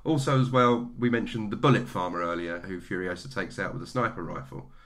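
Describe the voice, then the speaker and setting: Bright-toned man chatting films. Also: low voice, brisk. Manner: chatty, enthusiastic, many restarts. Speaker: podcast co-host. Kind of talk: casual film-review chat.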